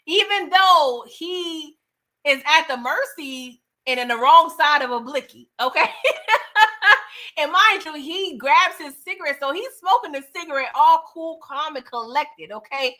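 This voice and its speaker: Chatty woman breaking down a movie, bright voice, a bit high, lots of "okay?". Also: animated, unhurried. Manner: chatty, slangy, tags lines with "okay?" and "right?". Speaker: movie reviewer. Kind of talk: casual film recap.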